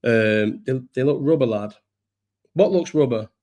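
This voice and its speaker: A man's voice: mid-range voice, unhurried, darkish tone. A young man, chatting casually and rambling on a live stream, swearing and laughing often. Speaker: livestream host. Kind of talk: casual chat reading live chat.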